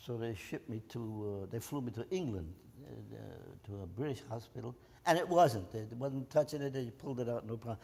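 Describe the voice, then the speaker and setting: An older man, a war veteran, telling his stories in an oral history interview, acting out the voices of the people in them and often restarting his sentences. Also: mid-range voice. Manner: animated, acts out voices in anecdotes; frequent repeated starts. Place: presidential library, indoors. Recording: reverberant hall.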